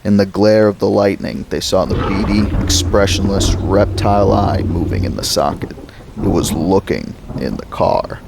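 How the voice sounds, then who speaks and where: A man reading a thriller novel aloud as a narrator, slow and dramatic. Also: deep voice, creaky, very noisy. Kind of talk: audiobook narration.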